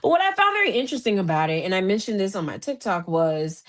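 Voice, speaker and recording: An animated woman hosting a podcast, talking through a casual recap at a mid pitch. She rambles chattily with plenty of fillers and restarts. Her voice leaps upward whenever she gets excited. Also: fast talker. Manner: voice jumps higher when excited. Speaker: podcast host.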